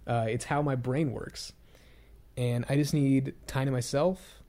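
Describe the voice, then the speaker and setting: A young male YouTuber, steady and warm in tone with a medium pitch and measured pace, records a casual, reflective monologue for his channel. He meanders, hesitates, restarts his sentences often, and is candid and hard on himself.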